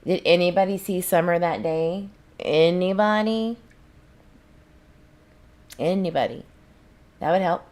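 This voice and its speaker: A woman's voice: fairly low pitch, level tone, a little fast, few pauses, a little mellow. A woman, hosting a casual livestream and chatting back to viewers' comments in a rambling way. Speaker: channel host.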